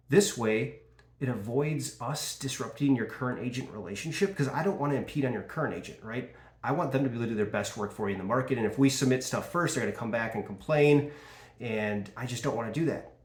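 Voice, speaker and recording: Casual sales coach in an echoey room. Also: male voice, medium pitch. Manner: casual, animated, acts out call dialogue. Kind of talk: sales training talk.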